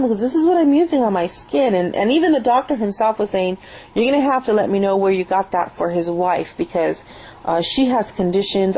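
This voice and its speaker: Chatty woman with a mellow voice. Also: medium pitch, low-quality recording. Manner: chatty and enthusiastic, rambling with fillers. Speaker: product reviewer. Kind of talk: casual spoken product review.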